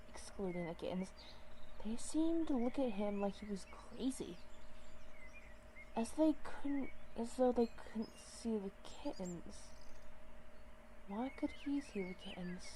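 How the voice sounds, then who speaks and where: A woman reads a fan-made animal story aloud at a slow, deliberate pace. She stumbles now and then and corrects herself. Faint noise sits behind her voice. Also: medium pitch, dark tone. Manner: hesitant, with self-corrections. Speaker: narrator.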